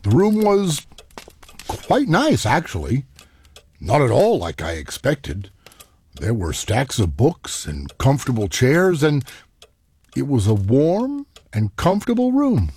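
A man's voice: mid-range voice, huge pitch swings, slow pace, a little mellow, breathy edge. A man narrating a first-person radio drama as a weary new king and speaking his lines. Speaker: narrator and lead character.

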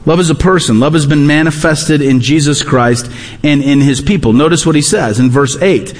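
A man's voice: a little high, moderate pace, big-room sound. A man preaching a sermon, emphatic and repeating his key phrases. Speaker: pastor.

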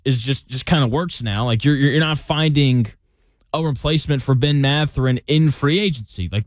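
A young male sports talk host with a somewhat high voice is recorded dry and close, without any room sound. He talks casually and opinionatedly, tossing in jokey asides as he makes his case.

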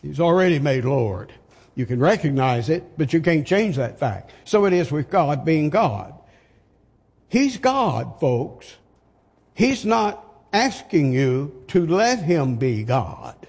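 An older man preaches a sermon slowly and emphatically, his husky, higher-pitched voice sing-song and slightly mellow. He drives his points home with rhetorical questions, and his words echo with the long reverb of a large hall.

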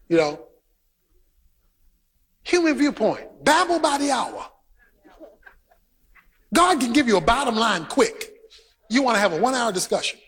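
A man preaches a sermon in a very high, lively voice that leaps across his range. He punches lines with shouts and banters with his congregation. The sound rings with a long hall reverb from a large sanctuary. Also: husky. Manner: animated, emphatic preaching with frequent shouted lines; banters with the congregation and tells stories.

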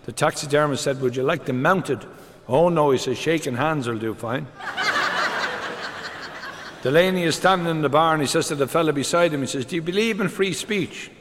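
An older man delivers stand-up one-liners in a dry, deadpan way. His voice sits a little high. The sound carries a long hall reverb, with clear crowd noise behind him. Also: brisk, long pauses. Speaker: comedian. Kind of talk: stand-up joke telling.

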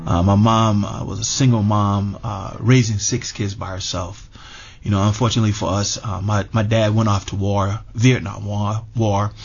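A middle-aged man telling a personal story in a relaxed, conversational way, full of fillers and repeated words. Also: lowish voice, moderate pace, creaky. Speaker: interviewee. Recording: dull lo-fi radio audio with music behind.

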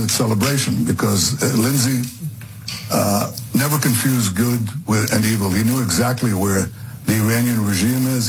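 A man giving a remote interview, speaking earnestly and haltingly, often repeating himself. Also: on the low side, a little hiss or hum, poor audio. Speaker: interview guest.

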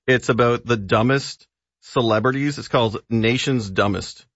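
A man's voice: mid-range voice, normal speed, fairly bright tone, no echo. A man co-hosting a talk radio show, chatting in an easygoing way and laughing often. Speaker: radio show regular, co-host. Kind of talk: casual on-air chat. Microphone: studio mic, dry. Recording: slightly dull lo-fi broadcast audio.

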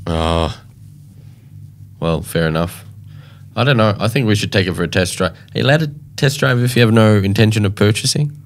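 A man's voice: lowish voice, brisk. Joking man hosting radio. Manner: joking, teasing banter. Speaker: radio co-host. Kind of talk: casual radio chat.

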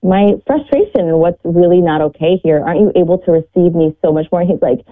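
Earnest woman guest on the phone, low-pitched, heartfelt faith talk, tinny line. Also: a little fast. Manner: earnest, heartfelt, quotes scripture. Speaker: guest mother and podcaster.

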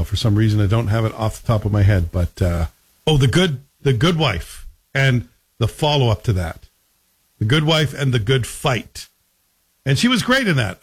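A man giving a casual, wry spoken review and asking himself rhetorical questions. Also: a little high.

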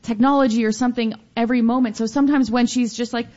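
A woman's voice: on the high side, steady tone, fast, darkish tone. A woman co-hosting a casual radio chat, talking at length and sharing parenting advice. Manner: talkative, gives parenting advice. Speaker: radio co-host. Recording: dull lo-fi radio audio.

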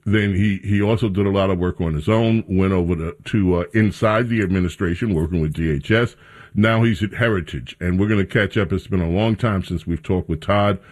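Low-voiced guy hosting talk radio, loose and chatty, sarcastic streak. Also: fairly quick, darkish tone. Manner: sarcastic, mocking reporters in a raised voice. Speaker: radio talk show host.

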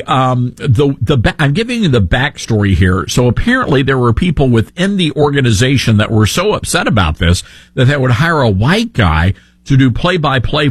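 A man's voice: medium pitch, husky, dry recording. A man with a Southern accent hosting a talk radio show, sarcastic and opinionated.

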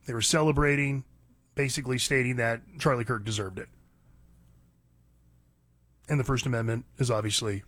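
A man hosting a call-in talk radio show, delivering a fiery, preachy opinion monologue that rises to near-shouts. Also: medium pitch, no echo.

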